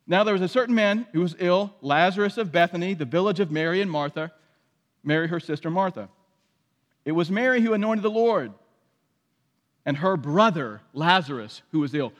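A male pastor with a high, bright-toned voice delivers a sermon, reading scripture with dramatic emphasis. His voice rings out with a long reverb, as in a church sanctuary. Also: expressive, moderate pace.

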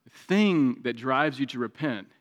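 A man preaching a sermon, moving between raised, emphatic passages and quiet, confiding stretches. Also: expressive, measured pace. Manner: preaching with swings from raised intensity to quiet, low confiding tones. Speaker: pastor. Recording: long hall reverb.

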